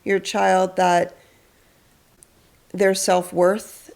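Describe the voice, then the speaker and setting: A woman counsellor talks through parenting advice in a relaxed podcast chat. Her voice carries a gravelly edge. She slips into quoted parent voices as she explains. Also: lowish voice, drawn-out words. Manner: explains patiently, acts out parents' lines.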